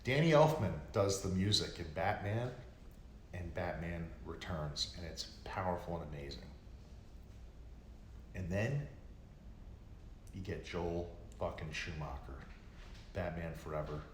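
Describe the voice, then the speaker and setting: A man's voice: deep voice, lively intonation, a little slow, pauses often. Rambling, profane man livestreaming. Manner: rambling, profane, gets worked up. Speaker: livestream host. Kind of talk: casual chat with viewers. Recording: echoey room with faint noise.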